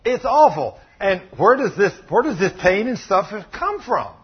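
A man's voice: high-pitched, moderate pace, hardly any pauses, husky, muffled recording. A man preaching a sermon who tells stories with animation and acts out the people in them. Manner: animated storytelling, voices the people in his stories.

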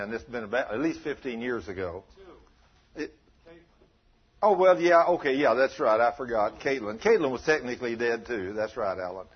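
Husky preacher telling a story. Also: male voice, mid-range voice, muffled recording. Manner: animated, swings from shouting to hushed. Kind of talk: storytelling sermon.

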